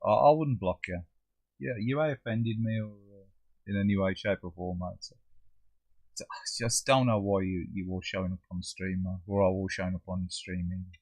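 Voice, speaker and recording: A man's voice: low voice, fairly even intonation, a little fast, a little mellow, dry recording. Chatty Black Country man gaming live. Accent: Black Country English. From English Midlands. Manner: chatty, swears, drops into funny quoted voices. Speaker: livestream gamer. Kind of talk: casual chat while gaming, reading live chat.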